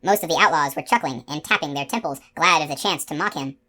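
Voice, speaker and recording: A woman narrating a fantasy novel aloud in a steady, expressive reading voice. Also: deep voice, quick pace. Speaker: audiobook narrator. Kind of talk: scripted narration.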